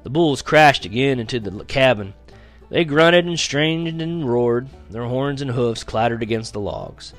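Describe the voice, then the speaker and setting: A man reading a first-person frontier story aloud, lively and dramatic, slowing down at tense moments. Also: mid-range voice, faint music behind. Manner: lively, dramatic, slows for action beats. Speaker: audiobook reader.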